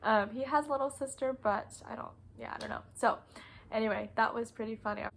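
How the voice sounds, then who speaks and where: A young preschool teacher casually tells classroom stories in a vlog, laughing often and acting out the kids' voices. Her voice is a little high, brisk and creaky, and the poor recording carries slight background noise.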